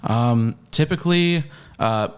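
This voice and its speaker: A man's voice: mid-range voice, lively intonation, slow, clean tone. A man appearing as a guest, explaining his spending in a hesitant, rambling way. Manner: rambling, hesitant, many fillers and restarts. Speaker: guest with debts.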